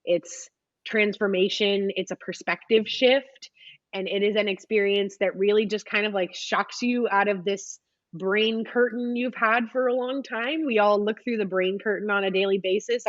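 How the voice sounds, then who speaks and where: A woman in her thirties telling a story in a casual, animated podcast interview with lots of ums. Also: medium pitch, dry recording, dull audio. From United States. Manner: chatty, animated retelling with frequent ums. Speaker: podcast guest, photographer.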